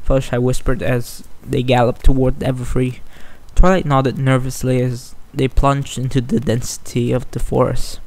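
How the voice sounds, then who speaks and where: A man's voice: mid-range voice, flat delivery, normal speed, vocal fry, darkish tone, low-quality recording. A man narrating a fan story aloud in a plain reading style with small stumbles.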